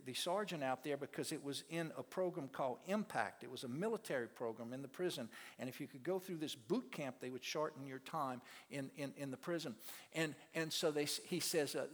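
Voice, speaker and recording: Earnest storyteller. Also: male voice, a little high. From South Louisiana. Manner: earnest storytelling, stumbles and repeats words. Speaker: ministry teacher. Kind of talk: testimony talk to a church audience. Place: auditorium. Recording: long hall reverb.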